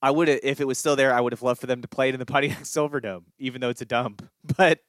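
A man co-hosting a sports podcast, rambling and animated with chuckles. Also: medium pitch, quick pace, dry recording. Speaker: podcast co-host. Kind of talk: casual sports chat.

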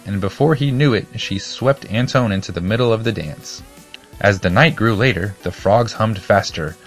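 Low voiced guy reading a kids story, steady, bit of music behind. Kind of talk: scripted storybook narration.

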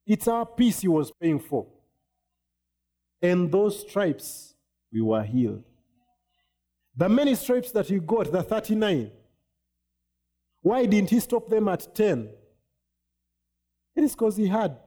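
Male pastor, sermon delivery, higher-than-usual pitch with mellow tone, checks in with listeners often. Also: big pitch swings, slow pace, pauses often. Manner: preaching with wide swings in pitch, asking the congregation "you get it?".

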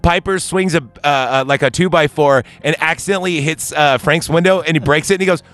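A man with a somewhat high voice rambles through a movie recap, swearing freely and piling up fillers as he goes. He talks like a relaxed podcast co-host chatting with a friend. Faint music sits behind him. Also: a little fast. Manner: rambling, profane storytelling with frequent fillers. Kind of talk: casual chat.

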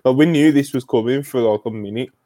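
A man's voice: mid-range voice, quick pace, mellow, no echo. A man hosting a casual wrestling podcast, loose and laid-back, with lots of fillers as he reads messages and asks for scores. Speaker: podcast host.

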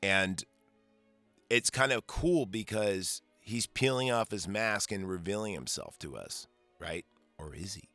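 A man's voice: fairly low pitch, measured pace, sharp tone, no echo, faint music behind. A man hosting a podcast, casually recapping a film in a rambling, profane way with lots of fillers and restarts. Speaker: podcast host.

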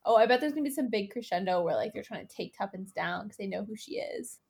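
A woman chatting casually, reacting quickly and throwing out guesses about the plot. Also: medium pitch, animated, a little mellow, breathy edge. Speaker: discussion participant. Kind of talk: casual chat.

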